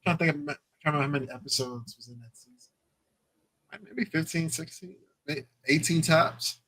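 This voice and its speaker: A man's voice: on the high side, a little fast, bright, forceful tone, poor audio. A man co-hosting a podcast, talking in a laid-back, slangy way and laughing often. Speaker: podcast co-host. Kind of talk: casual chat.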